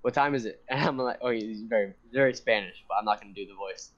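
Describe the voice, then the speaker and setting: A young man telling a long story in casual chat, rambling and animated, swearing and laughing often. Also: on the low side, quick pace. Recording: dull lo-fi sound.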